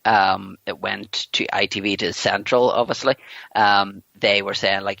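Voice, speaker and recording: A man's voice: lowish voice, flat delivery, measured pace, gravelly, pushed and bright, no echo. A man talking as a podcast guest in casual chat, rambling with lots of "you know" and restarts. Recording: dull lo-fi dry recording.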